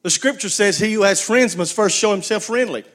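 A man's voice: sits high, a little fast, fairly bright tone. A man preaching a sermon, folksy storytelling with call-and-response to his congregation. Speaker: pastor.

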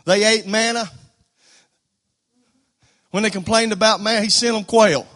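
Fervent high-voiced preacher. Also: male voice, fairly even intonation, a little slow. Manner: fervent, repetitive stammering restarts, rising to loud declarations. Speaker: pastor. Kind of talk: sermon.

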